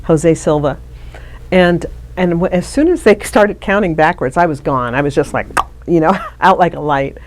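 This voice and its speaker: A woman's voice: sits low, lively intonation, normal speed, a little hiss or hum. A middle-aged woman, an interview guest, telling a personal story in a chatty way with frequent restarts. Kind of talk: casual interview conversation.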